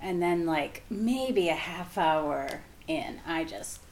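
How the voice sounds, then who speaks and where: Woman comic, animated anecdote delivery, laughs through it, acts out the quotes. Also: lowish voice, slow, a little hiss or hum. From Wisconsin. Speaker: guest comic. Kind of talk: casual storytelling.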